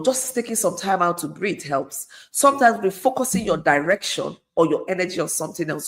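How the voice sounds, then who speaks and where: A gravelly, lowish voice belongs to a middle-aged woman speaking as a guest. Her talk is conversational advice, delivered earnestly with repeated phrases for emphasis.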